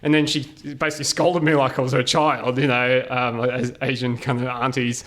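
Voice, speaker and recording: A man's voice: medium pitch, flat delivery, a little fast, fairly bright tone. A man as a podcast guest, telling stories casually and animatedly, laughing often and using many fillers. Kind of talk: casual storytelling interview.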